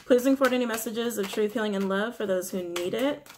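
A woman's voice: on the high side, fast talker. Lady doing a tarot reading, chatty, repeats stuff, chuckles, faint hiss behind. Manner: musing, repeats phrases, chuckles. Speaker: tarot reader.

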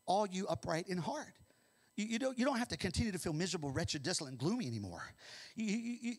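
Lively, bright-voiced preaching pastor. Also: male voice, sits high, slightly rough. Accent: American Midwest. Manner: animated preaching, swings from hushed to shouting. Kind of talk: sermon.

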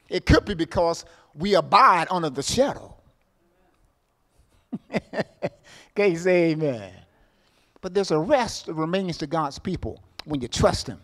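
A middle-aged man preaching a sermon as pastor, repeating his phrases, calling out for amens and swinging between loud bursts and quiet asides. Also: a little high, animated, normal speed, big-room sound. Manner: call-and-response, asks the congregation for amens; repeats words and phrases for emphasis.

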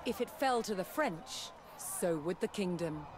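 A woman playing the narrator of a historical strategy game campaign, telling the story in a measured, solemn documentary voice over clear orchestral game music. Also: fairly low pitch, lively intonation. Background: clear game score music.

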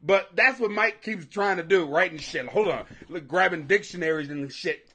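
A man with a high, bright speaking pitch talks casually to viewers. He is animated and profane, jokes constantly, laughs easily, and tangles himself up on unfamiliar names. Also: moderate pace, slightly rough. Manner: animated, joking, profane, laughs often, stumbles over names.

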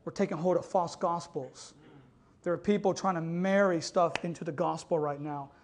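A man's voice: a little high, steady tone, moderate pace, slight background noise. A man preaching a sermon with passion, often calling out to the congregation for an amen. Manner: impassioned preaching, calls for amens. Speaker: pastor.

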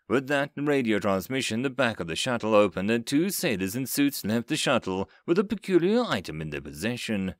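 Male audiobook narrator: expressive, lively pitch, dry booth sound. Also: brisk, hardly any pauses, no room sound. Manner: expressive storytelling.

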